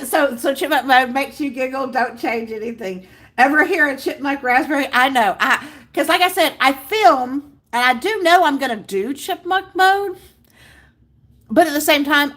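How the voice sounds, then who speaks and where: A woman's voice: high voice, fairly bright tone. Bubbly woman hosting a livestream. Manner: bubbly, gushing, greets viewers by name. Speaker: livestream host. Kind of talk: casual live chat with viewers.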